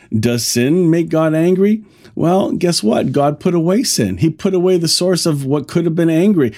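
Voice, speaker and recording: A man preaching a sermon and reading scripture, talking emphatically with exclamations and sudden rises and drops in pitch. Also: mellow.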